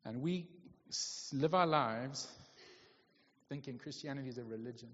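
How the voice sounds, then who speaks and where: In a church hall with a long echo, a man delivers a sermon in a relaxed, conversational style, often pausing to check in with his listeners. His voice sits in the middle range, and the lo-fi recording sounds dull overall yet a bit bright.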